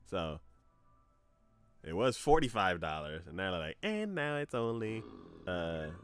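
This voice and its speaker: A man's voice: low voice, sing-song, a little slow, smooth, dry recording, soft background music. A young adult man streaming live, telling a rambling story in casual chat and acting out both sides of each conversation with lots of fillers. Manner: frequent laughs and filler words.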